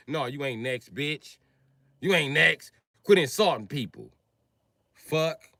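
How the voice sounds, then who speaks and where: A man hosting a livestream, ranting at his chat in a combative, profane way and swinging between yelling and muttering. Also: medium pitch, normal speed. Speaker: livestream host moderating chat. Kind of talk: heated livestream rant at chat.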